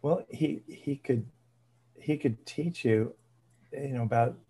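A man's voice: mid-range voice, slow pace, warm tone, slightly rough. A man hosting a casual interview, reacting with short encouraging remarks.

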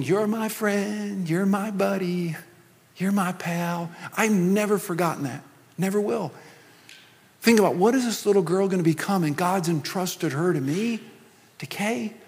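A middle-aged man preaching a sermon as pastor, talking in a loose, joking way with many asides. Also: sits high. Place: large church hall. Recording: long hall reverb.

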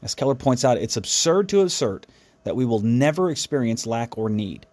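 A man's voice: medium pitch, expressive, moderate pace, darkish tone. A man hosting a devotional podcast, speaking in an earnest, reflective way with frequent restarts. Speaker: podcast host.

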